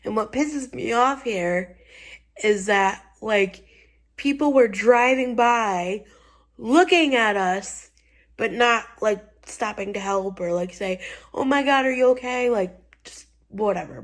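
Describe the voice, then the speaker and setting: A young woman tells a story to her vlog audience at an unhurried pace, her voice sitting in an ordinary middle range. She rambles, circles back and leans on "like" and "you know" as she recounts what happened. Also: mid-range voice. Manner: rambling, full of "like" and "you know", retelling with feeling. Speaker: vlogger. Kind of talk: casual storytelling to camera.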